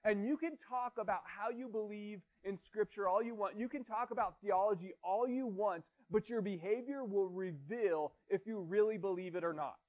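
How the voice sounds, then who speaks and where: A pastor in his thirties delivers a sermon in a notably high voice. He talks earnestly and plainly, posing rhetorical questions to his listeners. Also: normal speed, hardly any pauses, darkish tone, dull audio.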